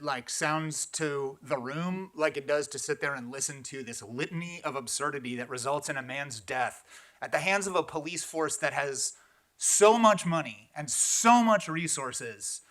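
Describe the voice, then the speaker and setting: A man's voice: fairly high pitch, normal speed, sharp tone. A man giving a sarcastic, pointed public comment at a police commission meeting.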